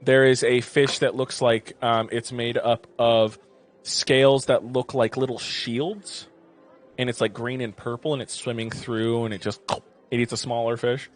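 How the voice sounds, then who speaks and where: A man in the game master's seat, describing the world in a mid-range, unhurried voice. He leans on fillers as he thinks, casual and descriptive. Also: medium pitch. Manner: relaxed, descriptive, with filler words. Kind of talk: narrating a tabletop game.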